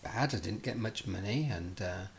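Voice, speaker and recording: A man's voice: fairly low pitch, normal speed, a little hiss or hum. A middle-aged man tells a personal story, acting out the dialogue with lots of restarts. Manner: animated, acts out both sides of dialogues, lots of restarts. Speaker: speaker telling his life story.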